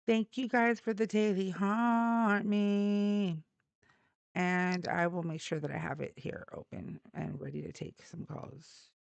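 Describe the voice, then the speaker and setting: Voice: mid-range voice, creaky, clear, resonant tone, no echo, highs cut off. A live call-in show host arguing politics with callers in a blunt, mocking, combative way. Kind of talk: heated live call-in debate.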